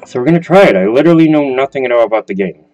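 A man's voice: medium pitch, animated, very fast, darkish tone, highs cut off, faint music behind. A man hosting a let's play, commenting on the game in a casual, joking way and swearing now and then.

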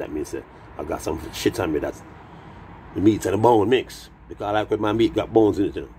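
A man's voice: low voice, mellow, slight background noise. A Jamaican man in his sixties, telling rambling, profane, boastful stories in a casual live-stream chat. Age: 60s.

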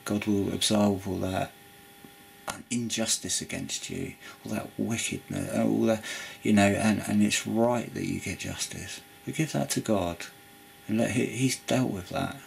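A man's voice: fairly low pitch, fairly even intonation, unhurried, gravelly, slight background noise. A man giving an earnest, rambling spoken testimony about forgiveness, full of restarts and asides. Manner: rambling, earnest, with frequent restarts and "you know". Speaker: Christian video preacher. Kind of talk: informal spoken testimony and preaching.

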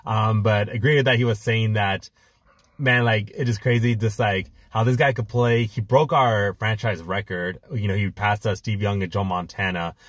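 A man co-hosting a fan podcast, talking in an excited, rambling way with lots of filler words. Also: lowish voice, normal speed, dry recording, studio quality. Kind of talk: casual chat.

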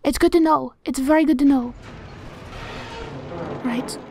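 Her voice high and her pace measured, a woman provides casual commentary while hosting a let's play. She reacts with jumpy excitement, restarts often, and occasionally drops into a soft whisper.

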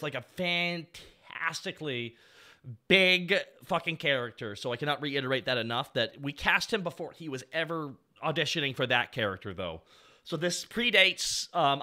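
A man's voice: on the high side, pushed and bright. A man in his thirties doing casual stream commentary on his old series, rambling and swearing freely.

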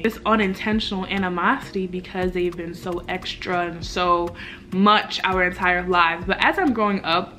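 A woman's voice: mid-range voice, sharp tone. A young woman vlogging at home, talking in an emotional, gushing way and repeating herself. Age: young adult. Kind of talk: casual vlog talk. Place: indoors at home by a window.

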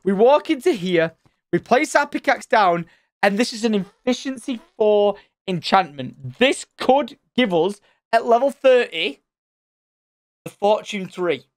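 A man commentating his Minecraft let's play, excitable and loud at surprises. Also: sits high, a little slow, dry recording, studio quality. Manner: excitable, shouts and squeals at surprises. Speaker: gaming channel host.

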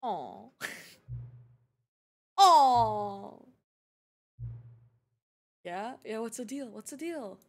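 A woman's voice: on the high side, expressive, normal speed, hardly any pauses, dark tone, slightly rough. Giggly playful young woman streamer. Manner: giggly, playful, teasing chat. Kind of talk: casual gaming live-stream chat.

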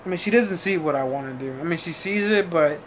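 A man's voice: a little high, fast, slight background noise. A young man telling a rambling personal story in a casual vlog, full of fillers, self-corrections and the odd swear word. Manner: occasional swearing. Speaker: vlogger.

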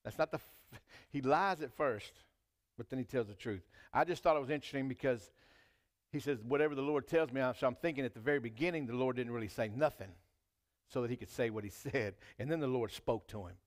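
A man's voice: mid-range voice, brisk. A man preaching a sermon in a church, talking casually and reading scripture aloud with rising emphasis. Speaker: pastor.

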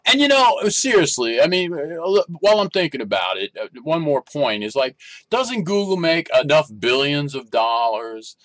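A man ranting in a casual vlog, animated and rambling, with restarts and exasperated complaints. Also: fairly high pitch, moderate pace, no room sound. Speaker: vlogger.

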